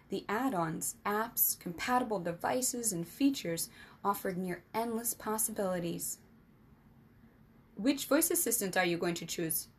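Female storyteller, scripted narration, ups her pitch for the characters' dialogue. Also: slight background noise. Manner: voices boys' dialogue with higher, louder pitch.

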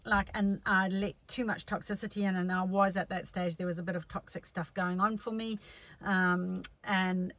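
A woman's voice: medium pitch, sharp tone, no room sound, rough recording. A middle-aged woman life coach giving a chatty motivational talk, telling stories with many restarts.

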